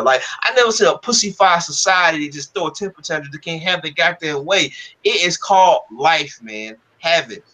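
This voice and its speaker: Fast, fired-up, bright-voiced man. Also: high-pitched, rough recording. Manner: profane, fired-up, quotes others in mock exchanges. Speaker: comic book creator and podcast host. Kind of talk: heated casual rant.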